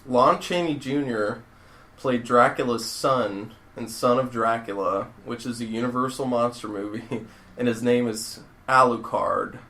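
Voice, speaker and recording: A man's voice: mid-range voice, measured pace, pushed and bright. A man co-hosting a podcast, talking in a rambling, enthusiastic way with casual swearing. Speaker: podcast co-host. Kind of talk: casual chat.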